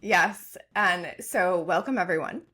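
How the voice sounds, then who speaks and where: A woman's voice: on the low side, takes it slowly, a bit bright, slightly rough. A woman hosting a podcast in a casual chat, gushing and upbeat, often using "like.". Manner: gushing and upbeat, heavy use of "like". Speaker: podcast host and oracle coach.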